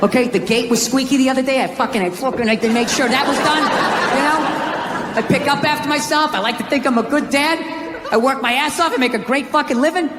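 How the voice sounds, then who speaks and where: A man's voice: extremely high pitch, fast, noisy background. A man from the United States doing a stand-up set, sarcastic and profane, ranting at full tilt. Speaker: stand-up comedian. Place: stage in a large venue. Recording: live show in echoey hall, loud crowd laughter.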